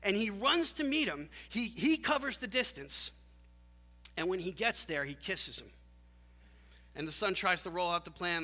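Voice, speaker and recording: A man preaching a sermon as pastor, animated and emphatic, often restarting his phrases. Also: high voice, moderate pace. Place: church sanctuary. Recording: long church hall reverb.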